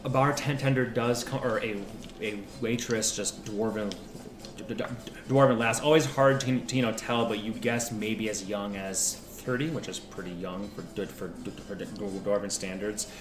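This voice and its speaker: A man's voice: lowish voice, normal speed. Male game master, chatty and rambling, room echo with background music. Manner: rambling, animated, frequent restarts. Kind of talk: narrating a tabletop game. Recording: roomy echo with music behind.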